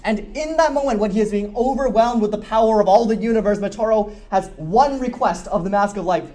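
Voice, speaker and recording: High-voiced, excitable lore-explaining man. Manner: fast, enthusiastic, self-deprecating jokes. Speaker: convention panelist. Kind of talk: energetic lore explainer talk. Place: convention panel room.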